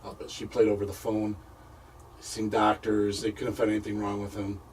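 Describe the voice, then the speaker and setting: A man, a paranormal investigator, telling a personal story as a radio interview guest, halting and repeating words as he goes. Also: fairly low pitch, completely flat delivery, darkish tone, far from the mic, slight background noise, rough recording.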